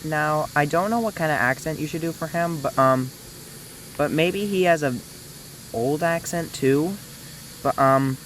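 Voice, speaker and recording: A man's voice: on the high side, a little slow, fairly bright tone, slight background noise, poor audio. A young man hosting a casting call, talking casually in a rambling, hesitant way with many restarts. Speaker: video host running a casting call.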